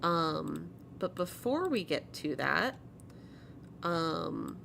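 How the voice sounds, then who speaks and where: A woman game master narrates a tabletop session at an unhurried pace. Her delivery is relaxed and full of fillers, with faint noise in the background. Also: sits low, vocal fry.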